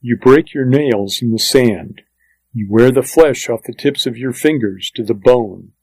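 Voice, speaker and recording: An easygoing desert vineyard farmer, as a male narrator puts him on, folksy and plain-spoken. He sounds weathered and unhurried in this audiobook reading. The voice is of middling pitch and recorded dry. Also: a little mellow, husky, dry recording, poor audio.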